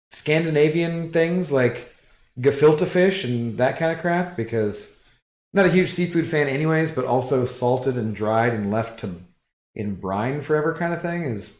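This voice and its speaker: A man hosting a livestream, chatting casually with viewers and rambling through relaxed asides while reading chat. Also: mid-range voice, moderate pace, roomy sound.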